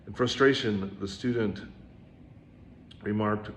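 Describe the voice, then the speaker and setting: A man's voice: fairly even intonation, normal speed. Man, Zen dharma talk, casual and chatty, faint hiss, echoey room. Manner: conversational, many "right?" and "you know" asides; acts out quoted dialogue with raised pitch. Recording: roomy echo with faint background noise.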